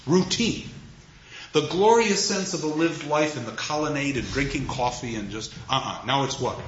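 A man lecturing on poetry with dramatic emphasis, asking rhetorical questions and falling to a hush. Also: medium pitch, expressive, normal speed, a little hiss or hum. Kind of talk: lively literature lecture. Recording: roomy, dull lo-fi recording.

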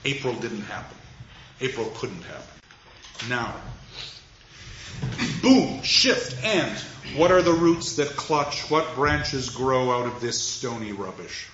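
A man lecturing on poetry with dramatic emphasis, asking rhetorical questions and falling to a hush. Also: mid-range voice, big pitch swings, slow pace, a little hiss or hum. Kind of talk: lively literature lecture. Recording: roomy, dull lo-fi recording.

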